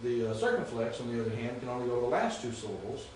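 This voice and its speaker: A Greek teacher lectures his class very fast and very animatedly at a medium pitch, patiently pausing to make sure students understand. The recording is distant and echoey, carrying a slight hiss or hum.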